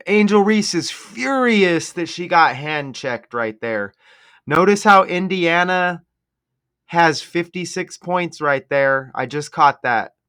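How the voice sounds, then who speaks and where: A man's voice: fairly high pitch, fairly bright tone, smooth. Sarcastic man breaking down game footage. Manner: sarcastic, conspiratorial number-cipher talk. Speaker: sports commentary video host. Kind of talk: casual commentary over game footage.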